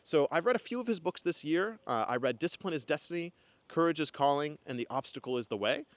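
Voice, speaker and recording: A man's voice: on the high side, animated, fast talker, no room sound. Earnest rambling young man vlogging. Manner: earnest, rambling, lots of fillers and restarts. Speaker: spiritual content creator. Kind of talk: casual reflective vlog talk.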